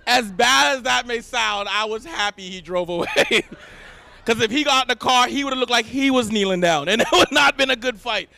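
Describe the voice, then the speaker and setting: A young man from Canada doing a stand-up comedy set on stage, animated, laughing often and shouting punchlines. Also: very high voice, normal speed, vocal fry. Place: event stage before a live audience.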